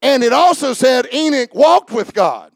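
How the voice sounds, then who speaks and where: A high-pitched, gravelly male preacher rouses the congregation with questions and shouted lines. The sound is dry and close. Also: big pitch swings, a little slow, no echo. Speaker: pastor. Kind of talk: sermon.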